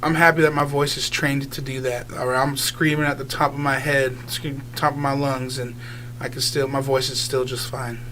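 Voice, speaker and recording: A man's voice: medium pitch, little pitch movement, normal speed, sharp tone, a little hiss or hum. A young man, a guest singer, talking casually in a radio interview, rambling with lots of filler words and easy laughs. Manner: rambling, many filler likes, laughs easily.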